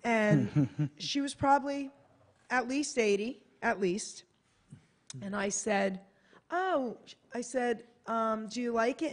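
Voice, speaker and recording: Animated American woman telling a story. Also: a little high, slow pace. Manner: animated, acts out quotes in a bright voice. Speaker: guest author. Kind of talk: casual radio chat, storytelling. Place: radio studio.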